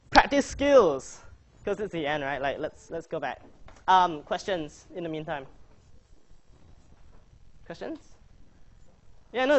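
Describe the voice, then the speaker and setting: Man, debating coach, high-pitched, casual workshop talk, joking, quizzing audience. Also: a bit bright.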